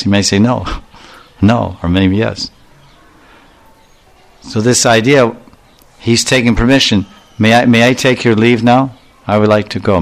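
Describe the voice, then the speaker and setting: A man giving a devotional lecture, telling stories and acting out quoted speech, often repeating and correcting himself as he goes. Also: mid-range voice. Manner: storytelling, acts out quoted speech with voice changes; repetitive, self-correcting phrasing. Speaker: spiritual lecturer.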